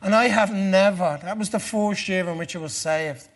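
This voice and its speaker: High-voiced Irish man giving testimony. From Ireland. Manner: earnest storytelling, drops low and slow for dark moments. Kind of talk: personal testimony sermon.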